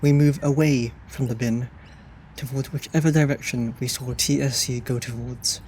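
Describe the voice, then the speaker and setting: A man reads scene directions and headings in a dry, matter-of-fact tone, at a mid pitch for a man. A faint hum of ambience sits under his voice. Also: fairly even intonation, normal speed, a little mellow. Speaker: narrator reading a screenplay. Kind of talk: scripted narration of scene directions.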